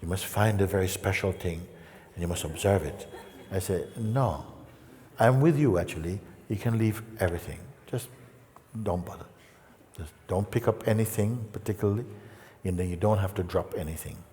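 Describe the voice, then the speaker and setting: Man, spiritual teacher, low voice, gentle playful talk, long hall echo. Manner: gentle, playful, with long pauses and soft asides. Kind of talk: satsang talk.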